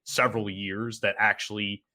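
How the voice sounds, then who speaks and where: Man, co-host. Lowish pitch, bright forceful tone, measured delivery. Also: flat delivery. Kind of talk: casual podcast conversation.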